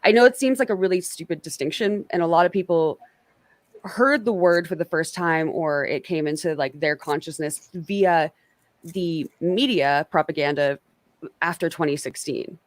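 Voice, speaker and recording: A woman's voice: fairly low pitch, normal speed, dry recording. A woman hosting a casual political panel on a stream, chatty and self-qualifying, often restarting her sentences. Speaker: stream host.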